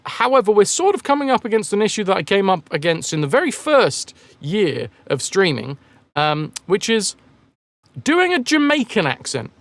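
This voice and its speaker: Lively, jokey streamer man. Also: high voice, normal speed, dry recording. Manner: jokey, rambling, reads and answers chat. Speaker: game streamer. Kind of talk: casual live-stream chat with viewers.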